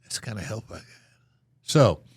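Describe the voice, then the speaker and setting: A man's voice: fairly low pitch, expressive, a little fast, no echo. An older man telling a story as an interview guest, acting out the voices of the people in it.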